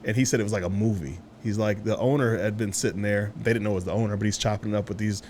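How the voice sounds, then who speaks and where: A man co-hosting a podcast in casual chat, an animated storyteller who swears freely and acts out the voices of people he quotes. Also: fairly low pitch, racing, slight background noise. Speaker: podcast co-host.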